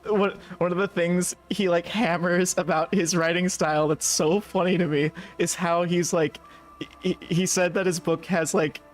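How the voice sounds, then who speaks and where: A man's voice: high voice, fairly even intonation, normal speed, faint music behind. Giggly chatty man playing a game. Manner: giggly, chatty, reads game text aloud. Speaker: podcast co-host playing a game. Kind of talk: casual let's-play chat.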